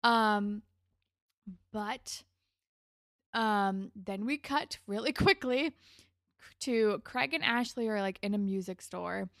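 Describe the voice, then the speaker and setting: Gravelly-voiced woman chatting casually. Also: medium pitch, slow, long pauses, a bit bright, no room sound, clean studio sound. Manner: chatty, laughing, swearing, lots of "like". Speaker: podcast co-host recapping a TV episode. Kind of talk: casual chat.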